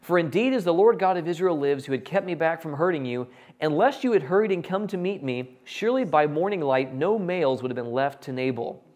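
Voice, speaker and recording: A man preaching a sermon, animated and jokey, acting out characters in quick quotes. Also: a little high. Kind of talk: sermon with acted Bible quotes.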